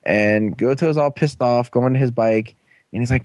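Casual male podcast co-host, mid pitch, rambling recap, dry close mic. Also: a little mellow, no room sound. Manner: rambling, laughs often, slips into quick quoted voices. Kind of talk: casual chat.

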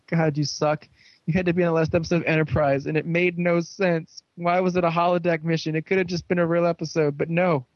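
A young man with a fairly high voice rambles through a sarcastic episode recap on a casual podcast. He drops into quick mocking voices for the characters. The recording is dull and lo-fi, and it sounds dry and close. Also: flat delivery, no echo. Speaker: podcast host.

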